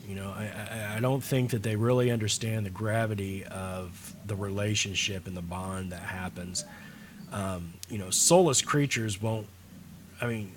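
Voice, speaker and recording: A man co-hosting a radio chat, talking in a relaxed, rambling way. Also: lowish voice, a little hiss or hum. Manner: relaxed, rambling, lots of fillers. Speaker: radio show co-host. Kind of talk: casual chat.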